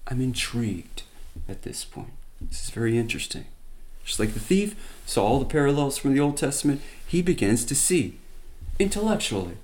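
A man's voice: medium pitch, lively intonation, moderate pace, a little mellow. A man teaching from the Bible by retelling it as a story, with conversational asides and emphatic quoted lines.

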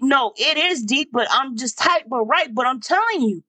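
A woman preaches in a high, bright voice. She keeps repeating phrases for emphasis and asks the listeners over and over whether they understand. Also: lively intonation, normal speed, hardly any pauses. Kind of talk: sermon.

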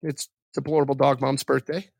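A middle-aged man tells his faith testimony as a podcast guest, pausing and restarting often as he speaks from the heart. His mid-pitched voice has a gravelly, creaky edge. The sound is dry and close. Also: level tone, dry recording. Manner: halting and heartfelt, with frequent pauses and restarts.

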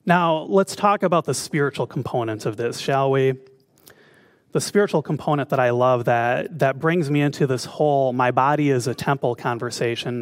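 A man's voice: medium pitch, dry recording, studio quality. A man giving a conversational spiritual talk as a minister, often putting questions to his listeners. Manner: conversational, asks the audience questions.

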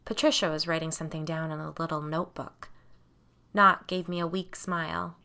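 A woman narrates a first-person ghost story in a measured, hushed way. Her voice sits low for a woman, but the tone is bright and forward. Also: steady tone. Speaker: audiobook narrator.

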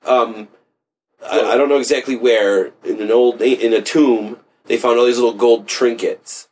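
A man's voice: medium pitch, fairly even intonation, normal speed, a little mellow. Rambling man in casual chat. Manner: rambling, loose, swears casually, many fillers. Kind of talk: casual conversation.

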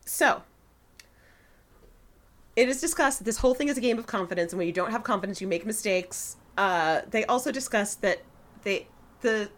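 Playful woman recapping a show. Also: a little high. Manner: playful, reads lines in mock voices. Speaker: podcast host recapping episodes. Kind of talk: casual chat.

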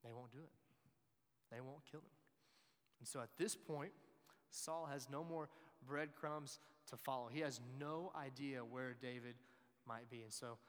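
A man's voice: medium pitch, unhurried, long pauses. A man preaching a sermon in a conversational way, with joking asides to his listeners. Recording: long hall reverb.

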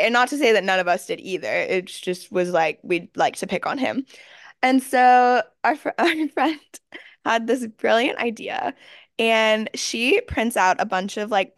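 A woman in her twenties co-hosting a podcast, telling a story in an animated way with fillers and laughs. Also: a little high, no room sound, clean studio sound. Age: 20s. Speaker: podcast co-host. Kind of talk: casual chat.

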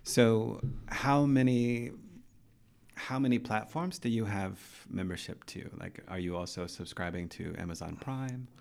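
A man with a fairly low voice hosts a casual interview as an English teacher. He talks in a chatty, encouraging way, firing off question after question. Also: a little slow, gravelly, a little mellow. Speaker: podcast host, English teacher.

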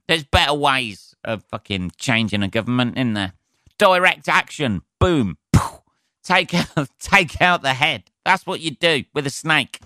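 A man's voice: medium pitch, sharp tone, no room sound, studio quality. A man hosting a solo podcast, ranting with heavy swearing and sarcasm and laughing at his own jokes. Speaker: podcast host.

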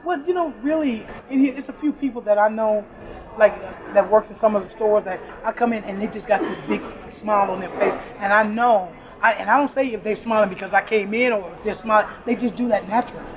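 Against the crowd chatter of a busy airport, a middle-aged airport store employee chats in a casual interview. Her mid-range voice is brisk, warm, and upbeat; she laughs a lot and now and then drifts into preachy asides.

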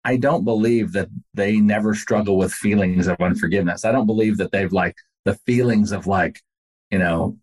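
Man, pastor guest, husky, low voice, earnest, speaks directly to listeners. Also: moderate pace. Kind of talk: casual faith conversation.

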